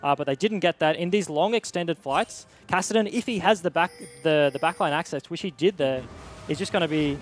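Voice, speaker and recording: A man giving quick analytical color commentary on an esports match, bantering with his co-caster. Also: fairly high pitch, faint music behind.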